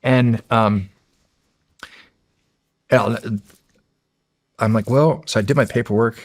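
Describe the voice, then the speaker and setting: A middle-aged man from the United States, a former Navy SEAL, telling stories as a podcast guest in a loose, animated way with many fillers and restarts. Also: mid-range voice, slow pace, no room sound, clean studio sound. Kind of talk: casual storytelling.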